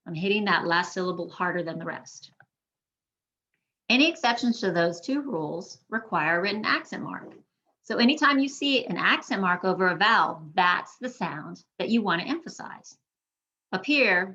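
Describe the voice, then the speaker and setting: A woman gives an online pronunciation lesson in a bright, clear voice. She draws out example words slowly and deliberately for learners to repeat. The audio is slightly dull and lo-fi. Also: mid-range voice, lively intonation. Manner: slow, deliberate modeling of words for repetition. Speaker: Spanish teacher. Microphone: screen-share recording.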